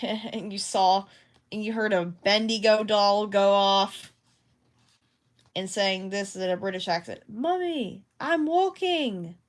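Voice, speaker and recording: A woman's voice: mid-range voice, little pitch movement, unhurried. A woman vlogging casually at home about her craft projects, rambling and hesitant with many restarts. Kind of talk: casual talk to camera.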